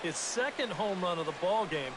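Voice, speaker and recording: A man with a fairly high voice giving color commentary in a baseball video game. He offers relaxed, folksy analysis between pitches. Clear noise sits behind him. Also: moderate pace.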